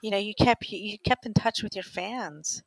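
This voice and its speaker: A woman's voice: mid-range voice, moderate pace, gravelly, no room sound. A woman hosting a talk show, interviewing a guest in a chatty, encouraging way with plenty of fillers. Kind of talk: casual interview.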